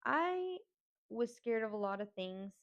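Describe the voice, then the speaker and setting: A woman's voice: on the high side, very animated, measured pace. A woman hosting a podcast, telling a personal story in a candid, casual and profane way. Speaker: podcast host. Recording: slightly dull lo-fi audio.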